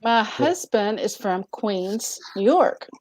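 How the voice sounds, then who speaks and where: A woman's voice: mid-range voice, slow pace. A woman from Tennessee with a Southern US accent, telling stories in a casual group chat. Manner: chatty storyteller, animated. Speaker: show regular.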